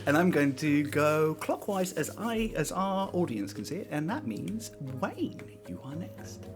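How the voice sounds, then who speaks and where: A game master hosts a tabletop game with a very animated, swooping voice and frequent laughter. Music runs clearly behind the talk. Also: medium pitch, a little slow. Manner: lively, laughs often.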